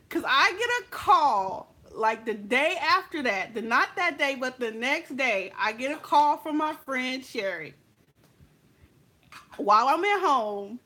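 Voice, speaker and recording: Animated high bright-voiced young woman. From California. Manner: animated, acts out friends' lines. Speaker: makeup vlogger telling a story. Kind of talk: casual storytime chat.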